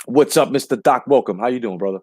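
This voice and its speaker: A man's voice: mid-range voice, fast, a little mellow, husky, no room sound. A man hosting a casual boxing livestream, talking in a heated, profane way and often repeating himself. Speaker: livestream host.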